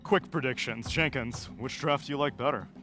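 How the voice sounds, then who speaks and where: A man hosting an esports analysis desk, upbeat and prompting the panel for quick answers. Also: mid-range voice, a bit bright, soft background music.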